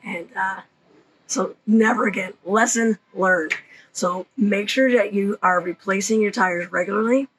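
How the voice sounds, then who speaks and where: A woman hosting a casual how-to video, hoarse from partly losing her voice, chatty and rambling with fillers and self-corrections. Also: mid-range voice, measured pace, a bit bright, slight background noise, rough recording. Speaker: channel host.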